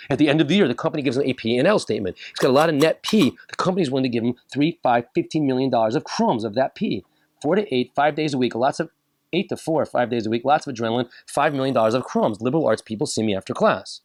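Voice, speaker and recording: A man's voice: medium pitch, no echo. A man, a rabbi, giving a humorous lecture to a live audience, joking and acting out little dialogues.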